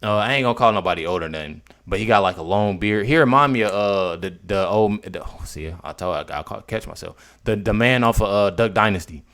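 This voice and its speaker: A young man casually comments on a video clip, sounding incredulous as he swings between loud outbursts and low mutters. He talks briskly, with few pauses.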